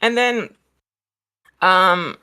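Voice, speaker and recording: A woman's voice: medium pitch, extremely slow, bright, forceful tone, clear, resonant tone. An Australian woman chatting casually on a video call from her home near the kitchen, rambling with lots of fillers and laughs. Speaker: guest. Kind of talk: casual chat.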